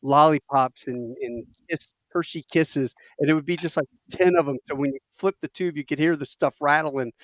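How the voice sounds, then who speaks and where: A man's voice: on the high side, normal speed, few pauses, no room sound, clean studio sound. A man in his late fifties, a podcast host, telling casual stories and laughing often. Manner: animated, laughs often, does loud impressions of drill instructors. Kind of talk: casual storytelling chat.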